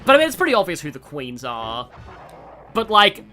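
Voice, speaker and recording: Lets player chatting over gameplay, rambly and bouncy, bright voice. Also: medium pitch, moderate pace, faint music behind. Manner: rambling, digressive, excitable. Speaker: let's player. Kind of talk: casual gameplay commentary.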